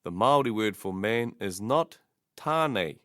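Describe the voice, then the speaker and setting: A man giving a scripted pronunciation lesson, saying each word slowly and then repeating it as a model. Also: mid-range voice, big pitch swings, no room sound, studio quality. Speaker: language teacher.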